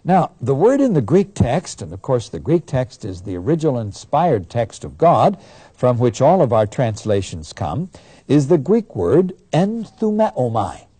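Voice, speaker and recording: A man teaching about the Bible in an animated lecture, acting out the people he quotes with sudden bursts of emphasis. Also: medium pitch, measured pace, slightly rough, dry recording. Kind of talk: lecture on scripture.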